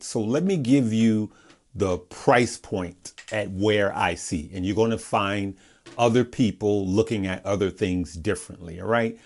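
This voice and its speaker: A man with a fairly low voice talks through stocks in a casual, chatty way. He keeps checking in with his viewers and restarts his phrases as he goes. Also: a little mellow. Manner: chatty, often checking in with "all right?" and "okay?"; conversational, with frequent restarts. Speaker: stock market video host. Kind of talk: casual video commentary.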